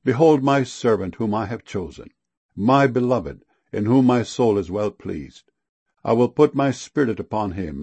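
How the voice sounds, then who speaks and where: A man giving a solemn King James Bible reading, measured and reverent, lingering on key words. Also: on the low side, darkish tone, slightly rough. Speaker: scripture reader.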